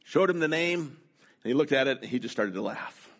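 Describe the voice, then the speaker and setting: Slow, storytelling middle-aged male pastor. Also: medium pitch, animated, a bit bright. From North America. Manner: slow, deliberate, anecdotal delivery. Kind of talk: sermon storytelling.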